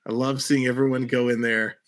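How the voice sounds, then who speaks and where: A man's voice: mid-range voice, level tone, a little fast. A man hosting a livestream in casual chat, upbeat and laughing often. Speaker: livestream host.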